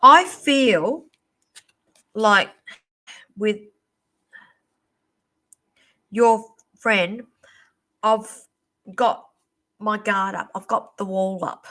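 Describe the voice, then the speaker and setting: A woman hosting a live-stream psychic reading, chatty and reassuring, calling viewers darling, her voice going a little hoarse. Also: medium pitch, flat delivery, takes it slowly, pauses often, fairly bright tone. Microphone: computer or phone mic on a live stream.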